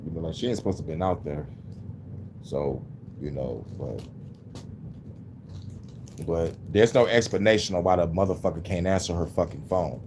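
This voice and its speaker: A man's voice: low voice, dark tone, slight background noise. A man talking casually on his livestream, rambling and venting with heavy swearing. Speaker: livestreaming musician.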